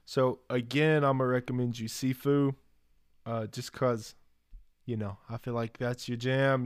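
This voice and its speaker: A man's voice: medium pitch, smooth, dry recording, studio quality. A man co-hosting a casual podcast chat, laid-back, swearing freely and laughing often. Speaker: podcast co-host.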